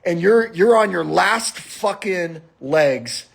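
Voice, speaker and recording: A man's voice: high-pitched, slow pace, vocal fry, slightly rough. A man hosting a podcast in casual, profane chat, acting out stories and swearing freely as he gets worked up. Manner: animated storytelling, swearing, rises to shouts. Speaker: podcast host.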